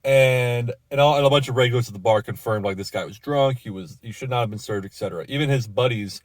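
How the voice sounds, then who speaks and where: A man's voice: medium pitch, quick pace, dry recording. Profane, rambling man ranting, dry sound. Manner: casual and profane, with many fillers and restarts. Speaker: bar manager. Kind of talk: storytelling rant.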